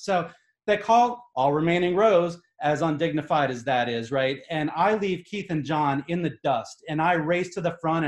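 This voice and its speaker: Animated man telling a story on stage. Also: a little high. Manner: animated, exasperated, emphatic. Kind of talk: live comic storytelling. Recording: echoey room.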